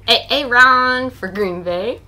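Excitable woman calling out card pulls. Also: fairly high pitch. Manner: excitable, gasping and squealing over good pulls; reads out names in a steady rundown. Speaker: trading card break host. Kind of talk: live stream commentary.

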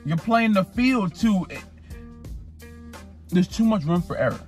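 Excitable man ranting in a vlog. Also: high voice, measured pace, soft background music. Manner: animated, repeats and stumbles over words. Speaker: sports fan vlogger.

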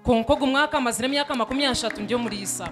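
A man interpreting a sermon live in a church, quickly echoing the preacher phrase by phrase. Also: extremely high pitch, music in the background. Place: church hall.

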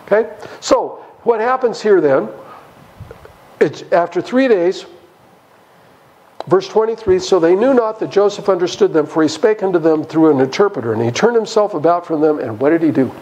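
A man teaches a Bible study class in a church setting. His voice sits fairly high and swings widely in pitch. He keeps asking his listeners questions and acts out the characters' lines as he tells the story. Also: expressive, moderate pace, a little mellow, low-quality recording. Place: church hall.

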